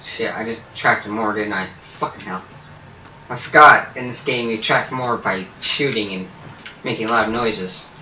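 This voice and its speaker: A man's voice: on the low side, unhurried, sharp tone, echoey room, far from the mic, a little hiss or hum, rough recording. A man streaming gameplay in casual commentary, goofy and profane, talking to himself. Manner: goofy, swearing, talks to himself. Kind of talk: casual let's-play commentary.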